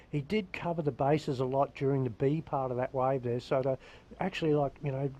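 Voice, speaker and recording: A man's voice: a little high, dark tone, low-quality recording. A man commentating live surfing from a booth, chatty and enthusiastic. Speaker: surf commentator.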